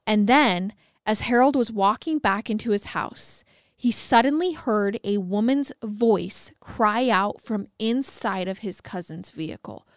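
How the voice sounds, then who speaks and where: A woman narrates a true-crime case for a podcast in a conversational tone, slipping in wry little asides. Her voice is smooth and clear and sits at a mid-range pitch. The recording is dry and close, with no room sound. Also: measured pace, dry recording. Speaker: podcast co-host.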